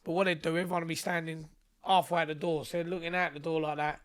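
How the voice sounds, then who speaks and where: A young man tells stories in a loose, casual chat. His voice sits high, and he swears freely as he acts out both sides of each exchange. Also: level tone, fast. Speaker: podcast guest. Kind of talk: casual storytelling.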